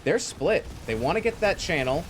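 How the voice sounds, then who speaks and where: A man casting a live esports match with energetic play-by-play, calling out fights and thanking viewers. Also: on the high side, moderate pace, a little hiss or hum. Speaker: esports caster.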